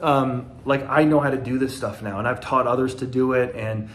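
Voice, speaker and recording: A man in his forties, from the American South, speaks straight to camera in a casual motivational talk. His voice sits at an ordinary middle pitch, and his delivery is earnest, conversational and loosely rambling. A faint low rumble hangs in the background. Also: steady tone, moderate pace. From Southern United States. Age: 40s.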